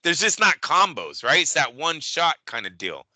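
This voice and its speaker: A man co-hosting a casual boxing talk show, animated and profane, acting out fight-night scenes. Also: a little high, moderate pace, no echo.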